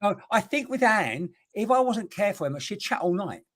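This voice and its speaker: A man's voice: high-pitched, big pitch swings, brisk, a bit bright. A man, giving a live online mediumship reading, chatty and rambling as he passes on messages and talks to viewers. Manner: chatty, rambling, exclaiming, talking to unseen spirits and viewers. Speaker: spiritual medium.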